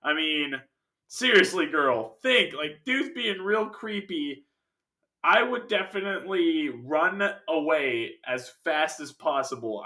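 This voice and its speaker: A man's voice: on the high side, bright, forceful tone, reverberant. A man giving a casual, jokey film review full of sidetracked asides.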